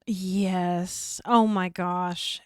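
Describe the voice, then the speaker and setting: A woman's voice: fairly low pitch, steady tone, very slow, clear, resonant tone, no echo. Middle-aged woman, podcast co-host, chatty storyteller, dry close sound. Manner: storytelling with laughs and restarts. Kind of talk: casual faith podcast chat.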